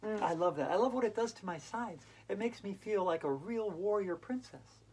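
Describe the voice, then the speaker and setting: Enthusiastic woman instructor with a husky, breathy voice, silly and sing-song, for a kids' fitness class. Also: medium pitch, animated, moderate pace, darkish tone, low-quality recording. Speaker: yoga and hula hoop instructor. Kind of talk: playful instructional talk for kids.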